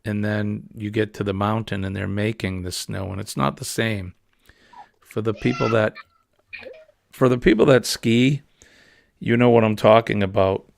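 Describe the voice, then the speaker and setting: New england guy rambling through a morning chat, low gravelly voice, dry close sound. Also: fairly even intonation, normal speed, long pauses, no room sound. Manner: chatty, rambling, easygoing. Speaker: livestream host.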